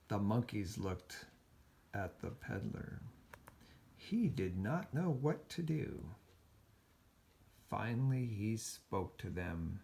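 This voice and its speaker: A man reading a children's picture book aloud as a storyteller, slow and expressive. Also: lowish voice, gravelly.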